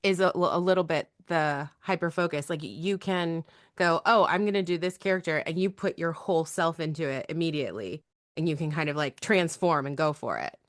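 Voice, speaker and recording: Lower-voiced woman, dry sound. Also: a little fast, no room sound. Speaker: podcast host. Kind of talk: casual podcast chat.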